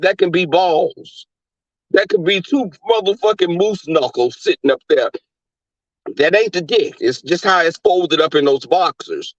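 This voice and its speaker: Southern guy on a livestream, high voice, camp and cussing a lot, muffled lo-fi audio. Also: no room sound. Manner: brash, profane, camp storytelling. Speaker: livestream host. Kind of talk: casual chat with live viewers.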